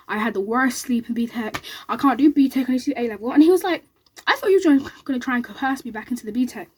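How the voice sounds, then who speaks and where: A young woman, vlogging to camera and telling an excited story in a rapid, animated way, acting out what others said. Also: a little high, slightly rough. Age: young adult.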